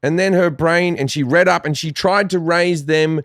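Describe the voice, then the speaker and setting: A man's voice: on the high side, moderate pace, fairly bright tone, no echo, clean studio sound. An Australian man guesting on a podcast, talking in a blunt, profane, rambling way with lots of restarts. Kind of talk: casual chat.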